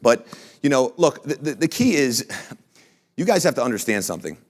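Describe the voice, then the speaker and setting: A man, a company founder, telling blunt, energetic motivational stories to a live audience and swearing casually. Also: mid-range voice, moderate pace. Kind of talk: motivational storytelling talk.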